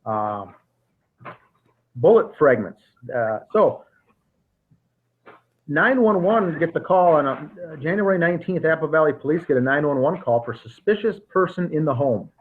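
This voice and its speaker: Man, podcast host, methodical, restarts often, slightly high voice, tinny phone-like sound. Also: expressive, measured pace, pauses often. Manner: recounts details methodically, with frequent restarts. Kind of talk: casual investigative discussion.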